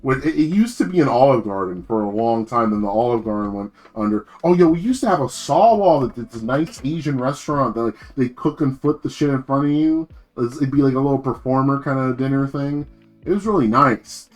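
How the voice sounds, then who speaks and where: Young jersey dude on stream, cursing a lot, rambling, middle-pitched voice. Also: male voice, lively intonation, a little fast, faint music behind. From New Jersey. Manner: slangy, profane, rambling. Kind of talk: casual live-stream chat.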